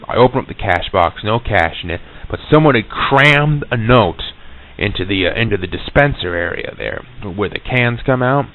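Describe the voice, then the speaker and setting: An actor playing a shaken vending machine serviceman who recalls a haunting in a halting, stammering way, full of restarts. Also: lowish voice. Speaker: vending machine route worker giving a recorded account. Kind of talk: hesitant spoken recollection on tape. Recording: tinny lo-fi old reel-to-reel tape.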